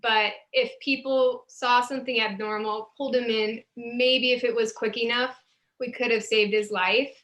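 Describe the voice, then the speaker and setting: A woman paramedic supervisor tells heartfelt work stories in a CPR class held over video call. Her voice sits on the high side with fairly even intonation, a moderate pace and a fairly bright tone, and she speaks earnestly and emotionally, with restarts.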